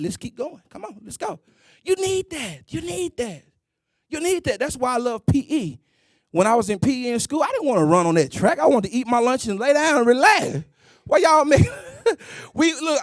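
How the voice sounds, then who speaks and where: A man's voice: high-pitched, dry recording, clean studio sound. A middle-aged man preaching a sermon, emphatic and sing-song, calling out exclamations.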